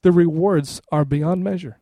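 Middle-aged guy pastor preaching, chatty, keeps checking in with the church, slightly high mellow voice, dry close sound. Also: steady tone, measured pace, dry recording, highs cut off. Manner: conversational, repeats "right?" to the congregation. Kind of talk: sermon.

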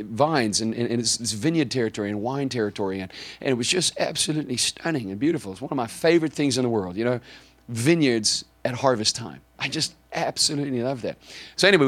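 A South African man, a preacher, telling a story in a sermon, animated and anecdotal, often repeating words as he goes. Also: medium pitch.

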